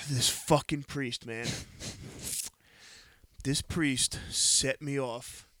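A man's voice: mid-range voice, drawn-out words, no room sound. A man casually telling a heated, profane story on a podcast, close to the mic. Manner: animated, profane, heated retelling.

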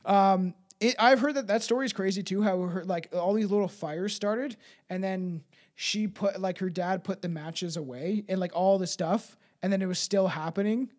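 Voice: mid-range voice, normal speed, darkish tone. Sweary, laughing podcast host. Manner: swears a lot, laughs, restarts words. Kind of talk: casual chat and reading a story.

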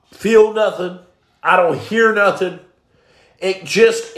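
A man telling his personal testimony in a blunt, emphatic, streetwise way, like a preacher. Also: high voice. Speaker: storyteller giving testimony. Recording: roomy echo.

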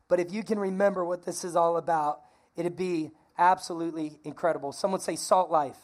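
A woman pastor preaching a lively, conversational sermon, calling on the congregation to repeat phrases. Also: lowish voice, fairly quick. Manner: energetic, conversational, calls for congregation responses.

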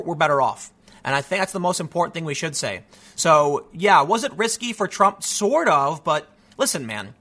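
Male solo commentary host, high lively voice, bright tone, sarcastic and stammering. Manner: animated, mocking, stammers repeats.

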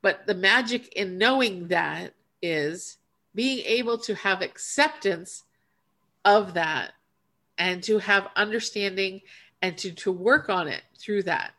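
A woman's voice: mid-range voice, slow pace, a bit bright. Earnest reflective woman coach. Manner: earnest, reflective, emphatic, restarts often. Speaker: podcast co-host and coach. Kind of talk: casual spiritual chat.

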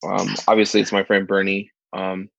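Low-voiced man telling animated stories. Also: moderate pace, creaky, no echo, lo-fi sound. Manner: animated storyteller, acts out quoted voices much higher. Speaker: podcast co-host, church ministry worker. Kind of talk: casual storytelling chat.

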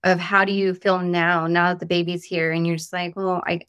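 A woman guest speaking calmly in a casual conversation. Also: fairly low pitch, fairly quick, smooth, no room sound. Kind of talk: casual chat.

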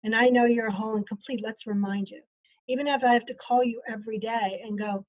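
A woman's voice: a little high, steady tone, fairly quick, lo-fi sound. A woman coach talking earnestly in a casual interview, acting out quoted conversations as she explains.

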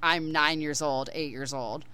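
Young woman, podcast co-host; crisp, bright voice, dry close sound; chatty and animated. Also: sits low, unhurried, dry recording. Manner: animated storyteller, acting out quotes in put-on voices; peppers speech with "like". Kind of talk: casual chat, retelling a movie.

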